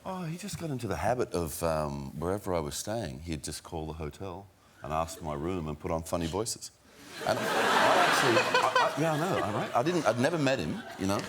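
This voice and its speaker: A man's voice: low-pitched, very animated, fairly quick. A middle-aged man telling an amused anecdote as a guest on a chat show, laughing through it. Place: TV studio with a live audience. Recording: loud audience and studio noise.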